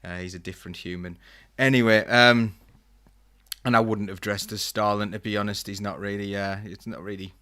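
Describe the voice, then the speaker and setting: Chill guy hosting a live panel stream, low smooth voice, reading out comments. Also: fairly quick. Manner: relaxed, chatty, reads viewer comments. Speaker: host.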